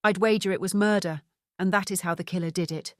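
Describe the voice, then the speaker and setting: A woman voicing a formal, old-fashioned gentleman ghost who speaks in a grave, measured way in an audiobook. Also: fairly low pitch, fairly even intonation, no echo, studio quality, close to an everyday voice.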